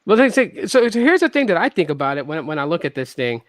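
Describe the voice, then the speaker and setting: A man's voice: fairly high pitch, sing-song, quick pace, no echo. A man hosting a casual tech podcast, talking in a hesitant way with many restarts and fillers. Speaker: podcast host.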